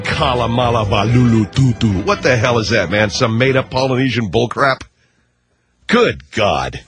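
A man's voice: medium pitch, big pitch swings, measured pace, a bit bright, soft background music. A middle-aged man hosting a talk radio show, ranting in a brash, sarcastic comic monologue. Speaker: radio host.

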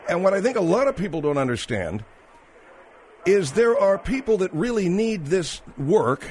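A man hosting a comedic radio call-in show, who talks in a calm, reasoning way and keeps pressing his point. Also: high voice, moderate pace. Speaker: radio talk show host. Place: radio studio.

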